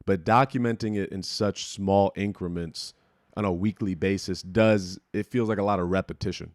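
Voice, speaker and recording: A man's voice: low voice, steady tone, moderate pace, dry recording, clean studio sound. A young man hosting a solo podcast, talking casually with lots of restarts, fillers and swearing. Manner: rambling, profane, frequent restarts and fillers. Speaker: podcast host.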